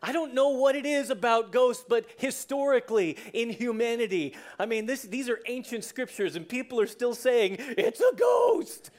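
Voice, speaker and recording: Preacher telling a story in a sermon: lively, chatty, acts out the scenes. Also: mid-range voice, moderate pace, hardly any pauses. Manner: conversational, with restarts and asides.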